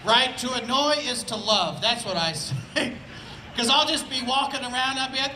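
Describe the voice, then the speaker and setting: A man's voice: very high-pitched, expressive, normal speed, pushed and bright, reverberant, slight background noise, low-quality recording. A man from Indianapolis doing laid-back, conversational stand-up on an outdoor festival stage, often asking "right?". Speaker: stand-up comedian. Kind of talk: live stand-up comedy.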